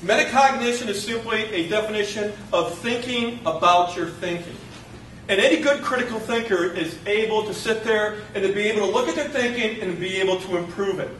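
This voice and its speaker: A man teaching a college class in a lively, joking lecture, acting out what his students say. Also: high-pitched, a little fast, echoey room, recorded from a distance, slight background noise, low-quality recording. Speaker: college instructor.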